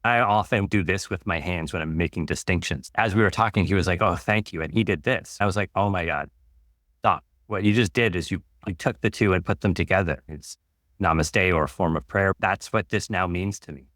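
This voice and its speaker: A man with a very low, deep voice, speaking as a guest in a calm, musing way. He lingers over words and ideas, and the recording is dry and close. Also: fairly quick, no echo. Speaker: author and guest. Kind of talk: reflective conversation.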